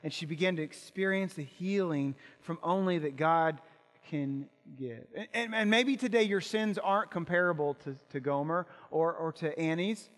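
A man's voice: on the high side, moderate pace, a bit bright, in a large hall. A male pastor preaching an impassioned sermon, asking rhetorical questions and repeating words as he builds.

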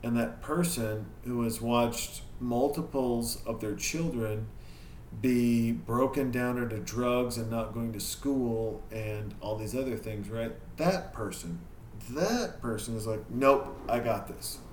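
A man's voice: medium pitch, slow, a little mellow, slight background noise. Male podcast host, casual confessional monologue, curses freely, echoey room. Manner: candid, self-critical, swears freely. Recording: echoey room with faint ambience.

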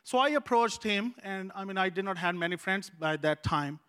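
High, bright-voiced pastor. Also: male voice, animated, moderate pace, clear, resonant tone. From Pakistan. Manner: earnest, repeats phrases for emphasis. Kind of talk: sermon told as a personal story.

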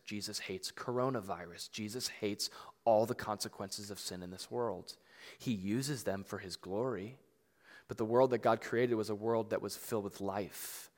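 Long hall reverb surrounds a pastor's mid-range, fairly bright voice as he preaches in a casual, conversational manner. Fillers and emphatic repetitions pile up, building toward rising intensity.

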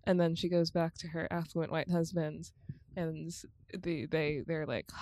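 A woman's voice: low voice, flat delivery, a little slow, darkish tone, dry recording, studio quality. A woman co-hosting a podcast, recapping films in a rambling, casual chat, laughing often and swearing freely. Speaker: podcast co-host.

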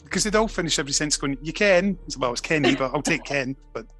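A man hosts the interview, asking friendly, prepared questions. His voice is bright and forward, with a husky edge. Faint music sits under his speech. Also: medium pitch, expressive, rapid-fire. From Scotland.

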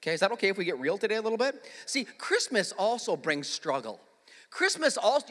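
A man's voice: high-pitched, sing-song, a little fast, fairly bright tone. A young male pastor preaching a sermon, telling stories energetically and leading the congregation in call-and-response, recorded in a church sanctuary. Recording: echoey church hall.

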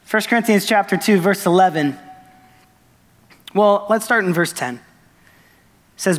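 A young man preaching a sermon, telling a story with quoted dialogue in an earnest, excited manner. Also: high voice, unhurried, long pauses. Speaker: pastor. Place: church sanctuary. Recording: long reverb of a church hall.

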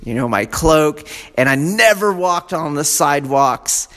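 Here a man with the air of a martial arts teacher rambles through a casual lecture, straying into tangents and repeatedly asking if listeners are with him. His voice sits on the higher side and moves a touch slowly, turning animated when he plays out fans' excitement. A large hall gives it long reverb.

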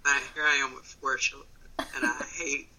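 A woman from Wisconsin, a comedian in her thirties, telling a story in casual chat on a phone call, animated and laughing often. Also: extremely low pitch, moderate pace. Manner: animated, laughing often, swings between loud and quiet. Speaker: comedian guest.

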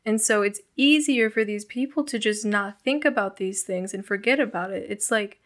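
A young woman, a guest in an interview, frankly recounting her past with blunt, profane, animated storytelling. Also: medium pitch, moderate pace.

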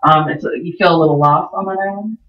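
A woman's voice: on the low side, quick pace, very noisy. A woman co-hosting a podcast, telling a long, profane, rambling story in casual chat. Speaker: podcast co-host. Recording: roomy, distant, dull lo-fi sound.

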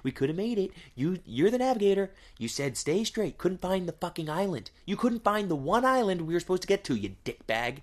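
A man's voice: mid-range voice, lively intonation, a little fast, few pauses, lightly acted. A man doing a fed-up stranded castaway. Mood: exasperated bickering. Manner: sarcastic, profane, exasperated. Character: bitter stranded man fed up with his partner.

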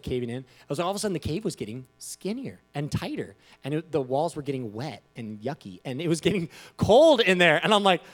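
A man preaching, telling a personal story in a loose, conversational way with frequent asides, swinging from quiet to loud as he acts out what people said. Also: fairly high pitch. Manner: animated, conversational, with frequent "you know" asides. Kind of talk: storytelling sermon.

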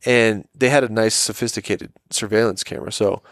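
A man's voice: on the low side, steady tone, brisk, fairly bright tone, no echo, studio quality. A man in his twenties telling a rambling, profane story in a casual podcast chat. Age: 20s. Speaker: podcast co-host.

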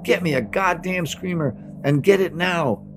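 A man with a gravelly voice voicing a female field commander who barks and shouts orders, out of breath and impatient. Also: medium pitch, lively intonation, brisk, music in the background, pitched above the performer's own voice. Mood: furious.

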